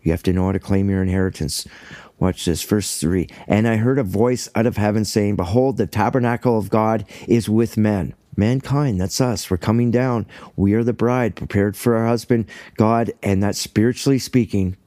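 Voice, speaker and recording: A man's voice: lowish voice, moderate pace, mellow, dry recording, clean studio sound. A man teaching from the Bible in a casual, earnest way, reading verses aloud and then explaining them with enthusiasm. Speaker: preacher.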